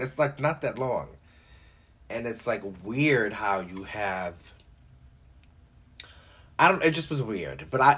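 A young man talks to his listeners in a loose, unscripted solo podcast. His voice is low and a little husky, and his pitch jumps around animatedly as he jokes, curses and pads his sentences with "like.". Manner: animated and joking, with frequent profanity and filler likes. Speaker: podcast host. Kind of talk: casual solo podcast chat.

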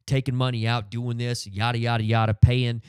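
A middle-aged man hosting a podcast, telling a story in a profane, animated casual rant full of fillers. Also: mid-range voice, moderate pace, clear, resonant tone, no echo, studio quality. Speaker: podcast host. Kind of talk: ranting casual monologue.

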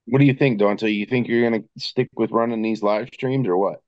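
Low-voiced agreeable man, lo-fi sound. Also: steady tone, fairly quick, no room sound. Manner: agreeable, short backchannel replies. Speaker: podcast co-host. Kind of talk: casual chat. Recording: dull lo-fi sound.

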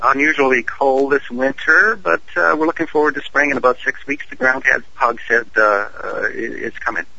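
A man's voice: medium pitch, moderate pace, gravelly, few pauses, pushed and bright, no echo, dull audio. A male actor being interviewed over a call, friendly and talkative, explaining at length with frequent uhs. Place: on a call from his home city.

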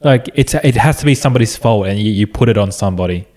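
A man's voice: on the low side, quick pace, darkish tone. A young man in casual couple chat, arguing his side with self-mocking humor. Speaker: vlogger.

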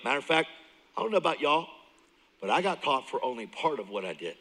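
Animated male preacher telling his testimony. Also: medium pitch, fast talker, in a large hall, rough recording. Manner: animated storytelling, jumps between loud and hushed; laughs often, talks straight to the crowd. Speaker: guest preacher. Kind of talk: sermon, personal testimony. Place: church service.

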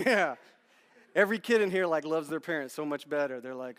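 A male pastor in his thirties preaching in a church with a slightly high voice. He tells a candid, self-deprecating story, talking animatedly and restarting often. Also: lively intonation, moderate pace, a bit bright, clear, resonant tone. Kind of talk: storytelling sermon. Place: church sanctuary.

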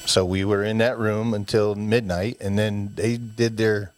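A man with a fairly low voice tells loose, rambling stories about growing up. He slips into his parents' voices as he acts out scenes, laughing along the way. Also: measured pace, no room sound. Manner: animated storyteller who acts out parents' voices. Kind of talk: casual storytelling chat.

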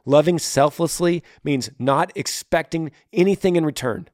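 Man, podcast host, earnest advice monologue, emphatic then soft, dry close sound. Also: on the high side, normal speed, no echo.

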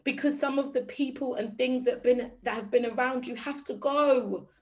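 A woman's voice: sits high, fairly even intonation, normal speed. A woman giving an inspirational faith talk to a group, tearful, earnest and emotional, repeating phrases for emphasis. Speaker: spiritual speaker.

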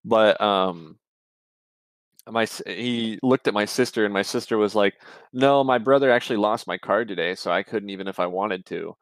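A young man spins a long rambling tale on a podcast, dropping swear words and restarting his sentences. His voice sits fairly low, and it is recorded on a close mic in a dry, deadened space. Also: normal speed, smooth, no room sound. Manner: rambling, swears a lot, many fillers and restarts. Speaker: podcast co-host. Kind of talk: casual storytelling chat.

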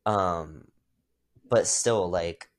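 A young man co-hosting a podcast in casual chat, animated, laughing often and jumping into high voices when he quotes people. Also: extremely slow. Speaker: podcast co-host.

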